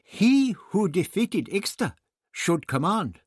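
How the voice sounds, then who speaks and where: A naive, earnest young man of eighteen who speaks with innocent wonder and mild reproach, as a man reading the story puts him on. The voice sits well above the reader's own, husky and slow. It is recorded close and dry. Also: high-pitched, sing-song, no room sound, voice pushed up, exaggerated voice. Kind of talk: audiobook character voice.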